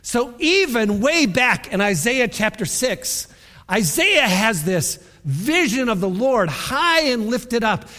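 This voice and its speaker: A man preaching a sermon, reading scripture and explaining it, with bursts of shouted repeated words. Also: very high-pitched, very animated, slow, big-room sound. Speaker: pastor.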